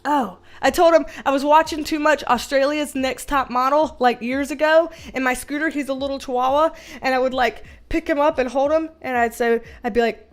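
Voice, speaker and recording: A woman hosting a casual livestream, reading the chat aloud in a giggly, chatty, easily excited way. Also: high voice, brisk.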